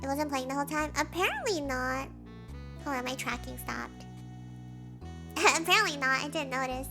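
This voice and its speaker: A woman streamer chatting casually through a TV recap, giggly and excitable, with frequent laughs and fillers. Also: high-pitched, moderate pace, long pauses. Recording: live stream with faint music.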